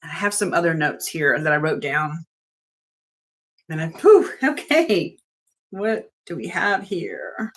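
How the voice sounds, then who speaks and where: A woman's voice: deep voice, expressive, measured pace, a bit bright. A middle-aged woman talks straight to her viewers as an astrology host, laying down blunt don'ts. Her delivery is emphatic and chatty, and she laughs often between points. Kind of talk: casual astrology talk to viewers.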